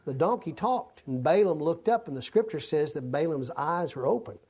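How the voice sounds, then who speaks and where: A man's voice: on the high side, animated, moderate pace, mellow, slightly rough. A male preacher giving an expository sermon, reading scripture aloud and breaking into folksy, conversational asides. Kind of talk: sermon, expository Bible teaching.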